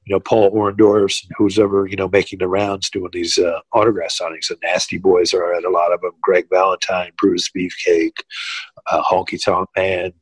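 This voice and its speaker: A man's voice: low-pitched, little pitch movement, normal speed, husky, dry recording, poor audio. A man, telling old stories in a casual interview, full of "you know" fillers. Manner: rambling, many "you know" fillers, laughs at own stories. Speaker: podcast guest, retired wrestler.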